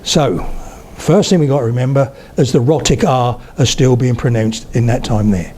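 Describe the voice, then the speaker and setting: A man's voice: mid-range voice, moderate pace, few pauses, mellow, a little hiss or hum. An older man lecturing to a live audience, telling anecdotes in a chatty way and checking in with his listeners. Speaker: lecturer on spoken English. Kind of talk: public talk to an audience. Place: talk before a live audience of about eighty.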